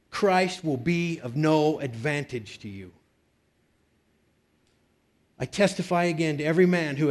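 A man's voice: mid-range voice, darkish tone. A man preaching a conversational sermon, reading scripture and breaking into emphatic bursts. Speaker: pastor.

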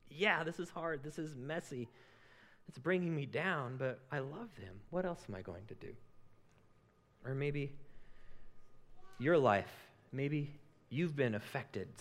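A male pastor giving a conversational sermon, acting out inner thoughts in quoted asides and building to loud emphasis. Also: lowish voice.

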